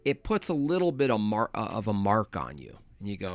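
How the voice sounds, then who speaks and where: A man's voice: fairly low pitch, huge pitch swings, brisk, hardly any pauses, no echo. A man hosting a livestream, reading chat and ranting in a mocking, opinionated way. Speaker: livestream host.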